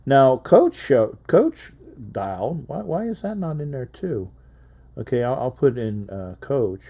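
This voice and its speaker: A man's voice: medium pitch, big pitch swings, slow, dark tone. Rambling male call-in show host. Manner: rambling and repetitive, reads out phone numbers. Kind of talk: casual live call-in sports chat.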